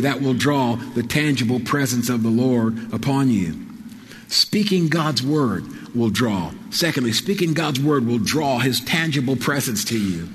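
A man's voice: medium pitch, big-room sound. A man preaching a sermon as pastor, earnest and repetitive, restarting his words with small stammers.

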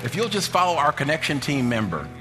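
A man preaching a sermon in a church, with an emphatic, repetitive cadence that often breaks into shouting, then leading prayer and an altar call. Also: a little high, big pitch swings, fast. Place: church sanctuary. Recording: long church reverb with faint music.

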